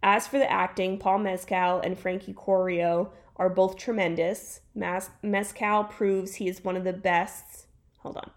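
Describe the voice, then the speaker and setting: A woman's voice: mid-range voice, little pitch movement, unhurried. A woman podcast co-host on a video call, reading a review aloud in a casual chat, stumbling and restarting over words and laughing easily.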